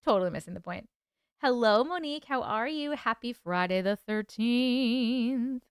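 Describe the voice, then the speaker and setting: A woman's voice: fairly high pitch, animated, moderate pace, clear, resonant tone, dry recording, clean studio sound. Chatty woman host reading live chat. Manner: chatty, laughs often, reacts to chat aloud. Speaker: livestream host and author.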